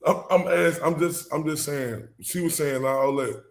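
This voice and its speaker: A man with a gravelly, slightly high voice reacts to courtroom footage. His commentary is scoffing and incredulous, full of pointed asides. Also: a little slow. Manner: mocking, incredulous, laughing asides. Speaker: commentary host.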